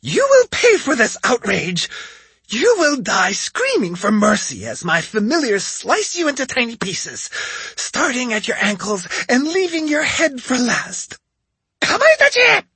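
A shrill, sneering witch assassin who mocks her victims with lilting, swooping contempt, as a male audiobook narrator puts her on. The voice keeps a husky grain, recorded close and dry. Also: wildly swooping pitch, takes it slowly, dry recording, exaggerated voice. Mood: furious. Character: spiteful female witch assassin, mocking.

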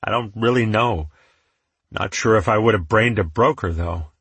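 A man's voice: fairly low pitch, moderate pace, a bit bright, slightly rough, dry recording, heavily acted. A man reading an audiobook, voicing the curious, anxious young hero Winter in an earnest, plain way. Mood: unsure.

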